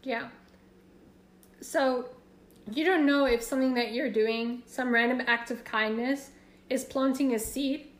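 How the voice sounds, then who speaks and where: A woman with a high voice teaches a church class. She gives direct, encouraging instruction. The room around her sounds echoey. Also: fairly even intonation, measured pace, long pauses.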